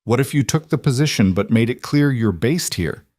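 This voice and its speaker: A man voices a tender frontier wife in a gentle mood, his natural voice pushed up from a medium pitch. He speaks at normal speed with lively intonation and a slightly mellow tone, in studio-quality audio with no room sound.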